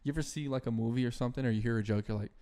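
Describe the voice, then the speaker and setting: A man's voice: medium pitch, racing, dark tone. A young man guesting on a podcast, chatting casually with lots of swearing and fillers. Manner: profane, rambling, many fillers. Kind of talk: casual chat.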